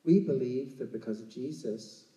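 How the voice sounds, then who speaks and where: A man's voice: medium pitch, moderate pace, mellow, distant mic. An Irish man preaching a casual, conversational sermon, chatty and often checking in with "right?". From Ireland. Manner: chatty, keeps asking "right?". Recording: roomy, from off mic.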